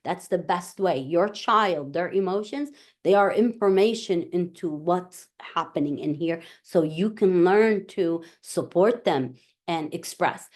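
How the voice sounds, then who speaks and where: A woman presenting a parent workshop, talking in a relaxed way, repeating her points and often checking in with "right?". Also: fairly low pitch, a little slow. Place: library meeting room.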